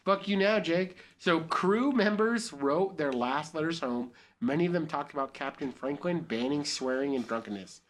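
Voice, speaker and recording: A man's voice: fairly high pitch, animated, normal speed, few pauses, slight background noise. Crude joking young man storyteller. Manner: crude, joking, riffs off the script. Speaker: podcast host and storyteller. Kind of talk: casual podcast chat and story reading.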